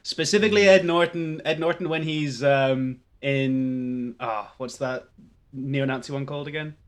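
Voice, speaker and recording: A man's voice: mid-range voice, measured pace. A man on a casual podcast, talking enthusiastically and rambling with many fillers. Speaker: podcast co-host and quiz contestant.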